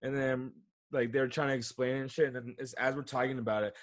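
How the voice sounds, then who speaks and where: Young man, podcast co-host, casual storytelling, curses a lot, mid-pitched voice. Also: little pitch movement, a little fast. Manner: heavy swearing, rambling with restarts.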